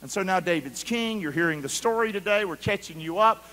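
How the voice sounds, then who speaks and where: A man preaching a sermon as pastor, calling for answers from the congregation and swinging from quiet asides to loud shouts. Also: sits high, expressive, a little fast. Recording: long hall reverb.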